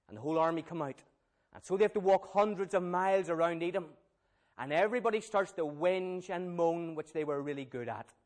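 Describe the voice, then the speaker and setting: Animated preacher, high voice. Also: male voice, brisk. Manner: animated, questions the audience. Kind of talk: Bible storytelling sermon.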